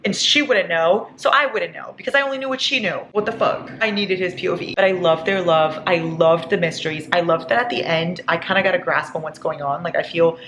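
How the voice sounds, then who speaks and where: A young woman in her twenties, gushing and excitable as she chats casually about books in a reading vlog. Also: lowish voice, a little fast, few pauses. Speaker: book vlogger. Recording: echoey room with faint noise.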